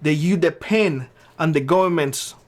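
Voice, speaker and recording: A man hosts his own channel, delivering blunt opinion commentary and driving his points home by repeating short phrases. His voice is a little high and his pace measured.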